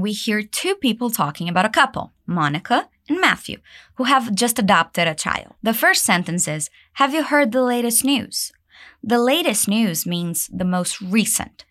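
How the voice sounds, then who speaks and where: A woman teaching an English pronunciation lesson, drilling phrases for learners to repeat and praising them warmly. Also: big pitch swings, moderate pace. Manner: encouraging, drills repetition, pitch leaps on praise.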